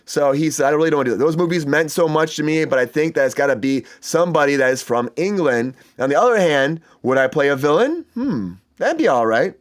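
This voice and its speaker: Man, fairly high voice, entertainment news host, casual chat, eager, rambling asides. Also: expressive, fast talker, hardly any pauses. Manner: chatty and enthusiastic, many fillers and asides.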